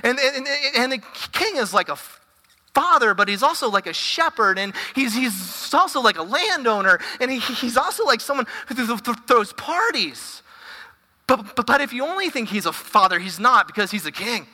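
A woman pastor giving a casual, animated sermon, stumbling over and repeating words as she goes. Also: fairly high pitch, moderate pace. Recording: long reverb of a large hall.

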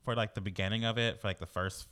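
A man's voice: fairly low pitch, fairly even intonation, fast talker, sharp tone. A congested man co-hosting a casual podcast, teasing and laughing easily. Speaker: podcast co-host.

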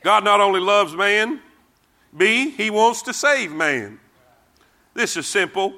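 A man's voice: high-pitched, lively intonation, slow, pushed and bright. A man preaching a sermon, emphatic and repetitive, leading the congregation to read verses with him. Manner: emphatic, repeats phrases, calls congregation to respond.

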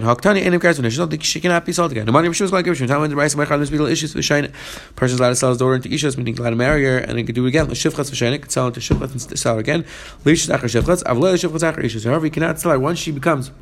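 A man with a slightly high, fairly bright voice teaches a page of Talmud in a fast study lesson. He reads lines of the Aramaic text, then explains them in English.

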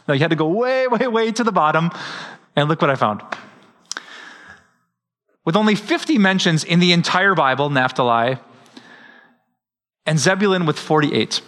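Lively joking pastor. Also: male voice, fairly high pitch, normal speed, long pauses. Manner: lively, joking, with frequent laughs. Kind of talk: sermon.

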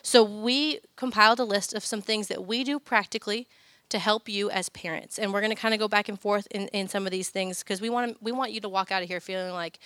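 A woman's voice: medium pitch, fairly even intonation, a little fast, bright, forceful tone, clean tone, no room sound. A woman giving a practical, upbeat teaching talk to parents at church, casual in her phrasing. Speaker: church speaker.

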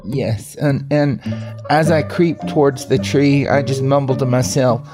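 A man's voice: medium pitch, steady tone, music in the background. A man playing in a tabletop game, describing his moves hesitantly with many fillers. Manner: hesitant, filler-heavy, unhurried. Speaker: player. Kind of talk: tabletop role-play.

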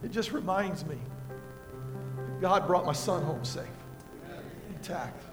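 Older pastor with a high, folksy voice. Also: male voice, slow pace, music in the background. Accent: American. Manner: folksy storytelling with props, swinging from quiet to loud. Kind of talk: sermon.

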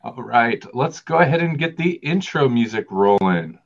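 A man's voice: medium pitch, normal speed, gravelly, muffled recording, heavy background noise. A man hosting a live podcast stream, chatting casually and greeting callers. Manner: relaxed, friendly, greets callers. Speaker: podcast host.

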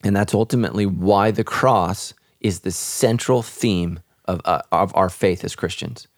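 Man, pastor, podcast conversation on faith, deep voice, earnest, dry close sound. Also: a little slow, no room sound. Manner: earnest, reflective.

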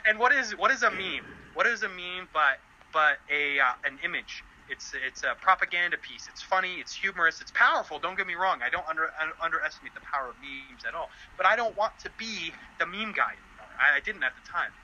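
A young man telling a story as a podcast guest, animated and laughing often. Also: a little fast, highs cut off, slight background noise. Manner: animated, laughing often, voice jumping high in quotes. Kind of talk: casual storytelling chat.

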